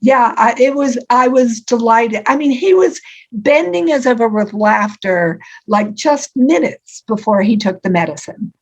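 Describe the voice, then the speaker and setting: An older woman being interviewed as an author, telling stories warmly with frequent ums and laughs. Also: on the high side, animated, unhurried, dull audio. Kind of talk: conversational interview.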